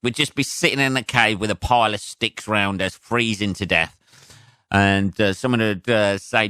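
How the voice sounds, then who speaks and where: A man hosting a solo podcast as a comedian, rambling and excitable with plenty of swearing. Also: fairly low pitch, normal speed, clear, resonant tone, no room sound, clean studio sound. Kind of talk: casual solo podcast rant.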